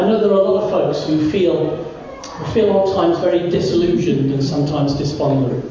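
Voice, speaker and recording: A preacher giving a sermon who repeats words and phrases and slows down to stress key words. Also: medium pitch, mellow, a little hiss or hum. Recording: very echoey, distant, dull church recording.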